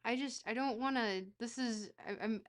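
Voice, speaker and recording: A streamer with a slightly high female voice and a moderate pace talks casually over a geography guessing game. She wanders from topic to topic, makes fun of herself, and lets out bursts of excited shouting.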